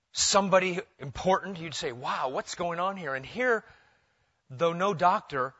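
Male pastor, lively sermon delivery, higher voice, slightly dull lo-fi recording. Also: no echo. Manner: animated preaching, asks the congregation questions.

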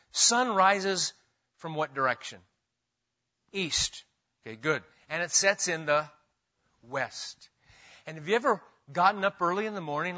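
A bright, high-pitched man preaches with emphasis and keeps asking his listeners questions. The sermon comes through a dull, lo-fi church recording. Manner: emphatic preacher who asks the congregation questions. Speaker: pastor. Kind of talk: expository sermon.

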